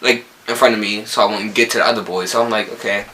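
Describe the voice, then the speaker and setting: A man's voice: fairly low pitch, fairly even intonation, fast talker, sharp tone, rough recording. A young man from New Jersey with a local accent, telling a rambling storytime vlog full of quoted dialogue. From Newark, New Jersey. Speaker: vlogger. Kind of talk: casual storytime.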